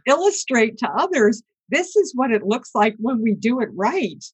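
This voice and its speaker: A woman's voice: a little high, big pitch swings, moderate pace, husky, no room sound. A woman hosting a faith conversation, affirming her guest and laughing through happy tears. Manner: warm, affirming, tearful laughter. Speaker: podcast host.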